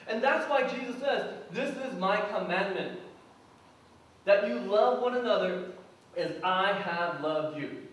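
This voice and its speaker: High-voiced pastor preaching in an echoey hall. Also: male voice, animated, measured pace, fairly bright tone, recorded from a distance. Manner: earnest preaching, acts out prayers and quotes. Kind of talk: sermon. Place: church sanctuary. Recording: echoey church hall, from afar.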